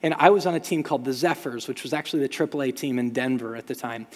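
A man preaching a sermon as pastor, telling stories with lively sound effects. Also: medium pitch, fast talker, in a large hall. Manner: storytelling, animated with sound effects.

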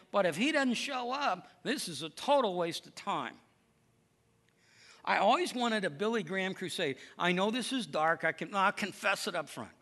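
Bright, high-voiced male pastor. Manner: conversational, emphatic. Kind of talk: sermon.

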